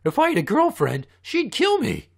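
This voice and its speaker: A man voicing a whiny, nerdy teenage cartoon boy who works a fast-food job, with a squeaky, yelping delivery. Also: wildly swooping pitch, creaky, exaggerated voice.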